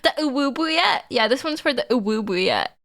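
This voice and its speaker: A bubbly young woman streamer with a high, lively voice that swings all over, bright and sharp in tone. She greets her chat with lots of giggles and exclamations, yet her delivery is unhurried and drawn out. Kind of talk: casual livestream chat, reading chat aloud.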